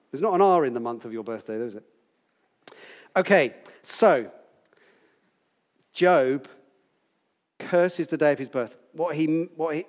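A man's voice: on the high side, a little mellow, big-room sound. A man in his sixties, possibly from Britain, teaching a Bible passage to a group in a chatty, playful way, quizzing his listeners as he goes. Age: 60s.

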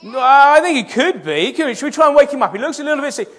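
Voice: sits high, expressive, rapid-fire, a bit bright. A children's church leader talking playfully and coaxingly with a group of children in a church.

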